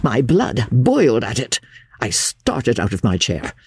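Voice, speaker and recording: Woman narrator, dramatic audiobook reading, husky, lively pitch. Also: dry recording. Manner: measured, indignant first-person storytelling.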